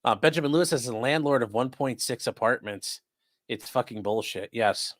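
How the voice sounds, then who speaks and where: Brief: male livestream host, sarcastic and rambling, dry close sound, mid-pitched. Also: normal speed, dry recording. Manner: sarcastic, rambling, talks to chat. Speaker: host of a live-streamed legal news show. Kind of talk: casual livestream commentary.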